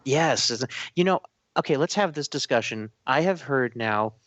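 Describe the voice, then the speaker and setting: A man's voice: mid-range voice, lively intonation, a little slow, fairly bright tone, no room sound, highs cut off. A man with an Irish accent hosting a casual podcast chat, talkative and self-deprecating. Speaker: podcast host.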